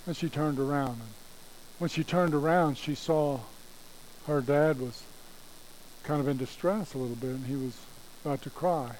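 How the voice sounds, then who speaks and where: Folksy male storyteller, warm and mellow, slightly high; chatty asides. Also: moderate pace, pauses often, a little hiss or hum, rough recording.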